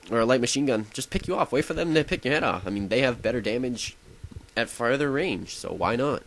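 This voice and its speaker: A young man talks through his gameplay in a loose, unscripted way. He rambles, trips over his words and restarts sentences, but keeps an eager, upbeat drive. His voice sits at an ordinary middle pitch. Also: low-quality recording. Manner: rambling, self-interrupting, enthusiastic. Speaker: gaming video host. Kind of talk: casual gameplay commentary.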